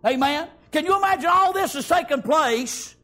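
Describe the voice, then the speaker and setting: High-pitched fervent shouting preacher. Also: male voice, lively intonation, moderate pace. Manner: fervent, shouting with frequent "amen" and "praise God". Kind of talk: revival sermon.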